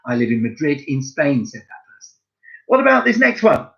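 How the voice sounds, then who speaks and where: A man's voice: a little high, normal speed, vocal fry, dull audio. A man giving a home-learning lesson to young children, talking straight to his pupils and praising them a lot. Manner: lively, encouraging, speaks directly to pupils. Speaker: primary school French teacher.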